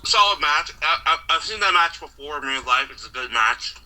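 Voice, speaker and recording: A man's voice: on the high side, animated, brisk, bright, forceful tone, poor audio. A man co-hosting a casual podcast, wry and teasing in his remarks. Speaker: podcast co-host.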